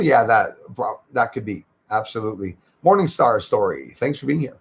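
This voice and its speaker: A man from Quebec with a Québécois French accent and a gravelly voice, talking loosely to his livestream viewers. He reads out comments, thanks people by name and fills pauses with plenty of ums. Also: lowish voice, lively intonation. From Quebec, Canada. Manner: chatty, thanks viewers by name, lots of fillers. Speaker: livestream host. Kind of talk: casual livestream chat reading comments.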